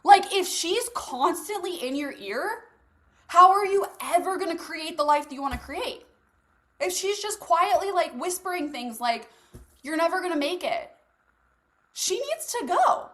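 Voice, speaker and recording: A young woman leads a motivational group session in a high, bright voice. She talks casually and bluntly, drops swear words without fuss and speaks straight to her listeners like friends. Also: expressive, measured pace. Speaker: host leading a live masterclass. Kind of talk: motivational coaching talk.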